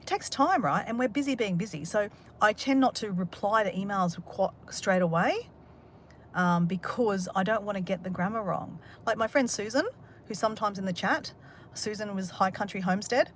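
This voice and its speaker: An Australian woman talks on a livestream in a loose, rambling way, trading dry, sarcastic jokes with viewers as she reads their comments aloud. Her voice sits at an ordinary middle pitch, with a faint hum of room noise behind her. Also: normal speed. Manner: chatty and rambling, with self-mocking sarcastic humour. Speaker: livestream host. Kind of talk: casual live chat reading comments.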